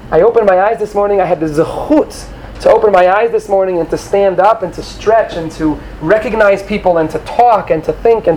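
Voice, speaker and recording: High-voiced man giving an animated sermon. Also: slight background noise, poor audio. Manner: animated, acts out quoted voices, sprinkles Hebrew terms. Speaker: rabbi or teacher addressing students. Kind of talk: sermon-style talk to young students.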